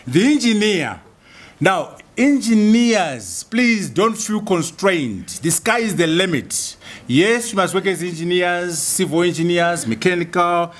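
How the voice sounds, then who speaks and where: Rousing high-voiced male lecturer. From Zimbabwe. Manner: rhetorical, rousing, repeats slogans. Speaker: guest speaker. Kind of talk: university lecture.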